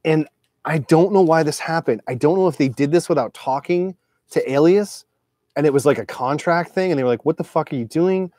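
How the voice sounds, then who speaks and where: A man's voice: fairly high pitch, fairly quick, dark tone, no echo, studio quality. Profane, rambling middle-aged man. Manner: profane, digressive, loose with filler words. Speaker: record collector showing his records. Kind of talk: casual rambling monologue.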